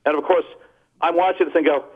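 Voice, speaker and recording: A man's voice: a little high, quick pace, phone-quality sound. A man co-hosting a casual comedy chat, telling stories with mocking impressions of people. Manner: animated, mocking impressions in storytelling. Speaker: comedian podcast co-host.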